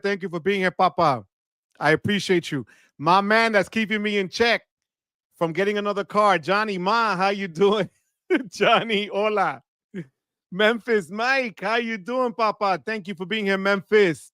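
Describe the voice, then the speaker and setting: Upbeat man hosting a live show, high voice. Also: clear, resonant tone, dry recording, clean studio sound. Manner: lively, greets viewers one by one, sprinkles Spanish words. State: voice affected by allergies. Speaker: host of a live credit card show. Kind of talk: casual livestream chat. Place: home studio. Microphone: close studio mic.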